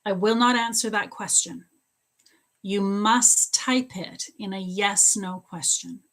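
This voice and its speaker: Middle-aged woman, psychic medium on a live stream, unhurried delivery, addresses viewers by name, repeats words. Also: medium pitch, fairly bright tone. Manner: speaks straight to viewers by name, repeats words, laughs often. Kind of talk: live-stream readings answering viewer questions.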